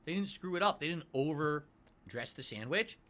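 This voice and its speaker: A man reviewing a sandwich on stream while he eats, describing each bite slowly and with relish. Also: fairly high pitch, animated, sharp tone. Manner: savoring, drawn-out descriptions between bites. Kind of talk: food review while eating.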